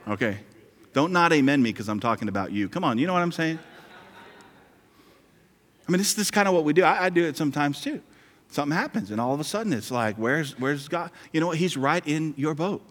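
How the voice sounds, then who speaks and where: A man's voice: a little high, lively intonation, quick pace, pauses often, fairly bright tone. A male pastor preaching a sermon in a conversational, joking way, repeating key lines. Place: church sanctuary. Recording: hall reverb.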